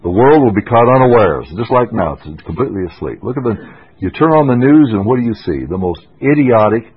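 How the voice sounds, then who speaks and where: A man's voice: medium pitch, expressive, brisk, slightly rough. A man preaching an expository Bible sermon, emphatic and insistent, pressing his points hard. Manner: emphatic, rising to forceful insistence. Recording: dull lo-fi radio broadcast.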